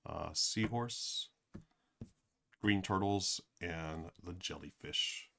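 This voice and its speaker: Bright-voiced man chatting on a live stream. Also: deep voice, very slow, vocal fry, slight background noise. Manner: rambling, thinks aloud, many fillers; addresses chat directly. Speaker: streamer playing a board game. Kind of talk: casual live-stream commentary.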